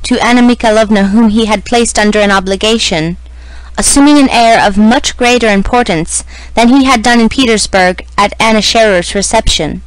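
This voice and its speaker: A woman reading a classic novel aloud as scripted narration, in a measured, even manner. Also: fairly high pitch, dry recording, poor audio. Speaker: audiobook reader.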